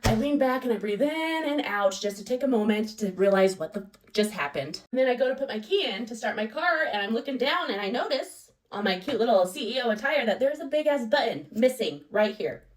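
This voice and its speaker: A woman in her thirties telling a casual, sassy and self-mocking storytime, with bursts of mock excitement. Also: fairly high pitch, recorded from a distance, poor audio. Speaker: storytime vlogger.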